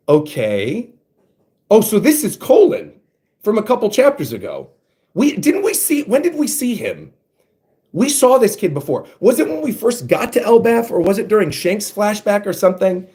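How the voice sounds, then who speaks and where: A man hosting a casual reaction, thinking out loud as he reads panels aloud. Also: high voice, wildly swooping pitch, moderate pace. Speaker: manga reaction host.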